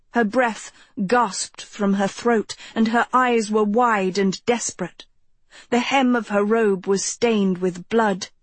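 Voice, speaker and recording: A woman narrates a fantasy novel in a measured, expressive reading. Her voice is husky and her pace is unhurried. The recording is dry and close. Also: fairly high pitch, no room sound. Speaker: audiobook narrator. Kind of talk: scripted narration.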